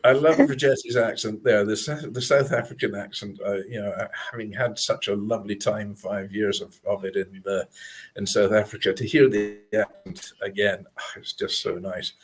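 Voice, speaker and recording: A man's voice: on the low side, steady tone, moderate pace. A Scottish man telling chatty, self-deprecating stories as a guest on a video-call interview. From Scotland. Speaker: guest author and speaker. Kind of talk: casual interview chat.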